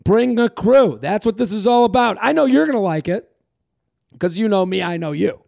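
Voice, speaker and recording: A comedian hosting his podcast in a high, gravelly voice. He rambles through casual chat, cracks crude jokes and plugs his shows. The sound is dry and close. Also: lively intonation, moderate pace, darkish tone, dry recording. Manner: rambling, crude joking, self-promoting.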